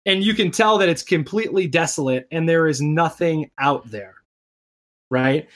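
A man in a relaxed chat with friends, speaking in a slightly raised register. He rambles, backs up and restarts his thoughts as he goes, with plenty of fillers. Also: on the high side, normal speed. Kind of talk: casual chat reviewing a comic.

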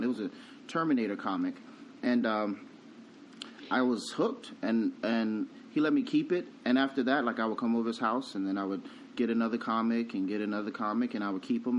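A man's voice: lowish voice, slight background noise, poor audio. A man appearing as a guest on a podcast, chatting casually and laughing often as he tells stories. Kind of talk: casual chat.

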